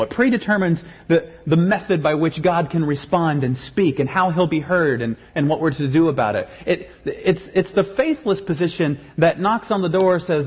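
A man's voice: on the high side, sing-song, normal speed, breathy edge, muffled recording. A man preaching a sermon in an earnest way, often repeating words and rising into passionate pleading. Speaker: pastor.

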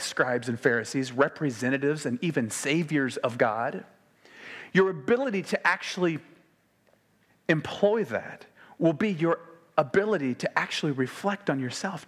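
A man preaching a sermon in a conversational way, slowing to quiet emphasis and then speeding up when animated. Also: on the high side. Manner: conversational, shifts between slow quiet emphasis and quick animated delivery.

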